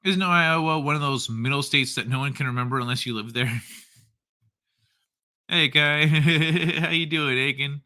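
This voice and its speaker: Bright-voiced, unhurried male stream host. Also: fairly high pitch. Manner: reads viewer comments aloud and chuckles often. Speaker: livestream host. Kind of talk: casual livestream chat.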